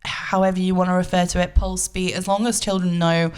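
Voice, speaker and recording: A woman's voice: lowish voice, fairly quick, clear, resonant tone. A woman co-hosting a podcast about teaching music, talking casually and explaining things with lots of fillers. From United Kingdom. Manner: relaxed, explaining with many fillers. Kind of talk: casual chat.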